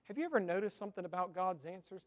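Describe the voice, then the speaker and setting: A pastor fires off his sermon in a rapid, animated, high voice, talking conversationally and often questioning the congregation. The sound comes from a reverberant church hall.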